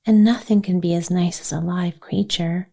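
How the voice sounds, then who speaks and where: A woman's voice: on the low side, fairly even intonation, normal speed, vocal fry, mellow. A woman voicing an animal-loving girl who begs. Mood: grieved. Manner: begging, grieved.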